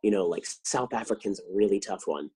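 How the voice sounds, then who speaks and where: A man talking as a podcast guest, telling animated stories and acting out the lines he quotes. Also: fairly low pitch, brisk, husky. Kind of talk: casual interview chat.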